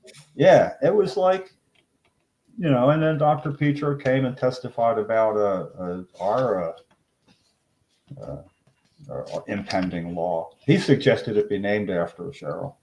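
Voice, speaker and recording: An older man, a guest in an interview, telling a long story in a rambling, animated way and acting out the voices he quotes. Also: on the low side, unhurried. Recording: echoey room.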